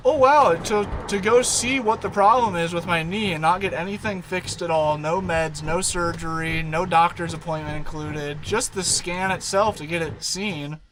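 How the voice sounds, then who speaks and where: A man's voice: fairly high pitch, normal speed, a bit bright, slight background noise, rough recording. A man chatting casually on a live stream, rambling and talking baby talk to his dog.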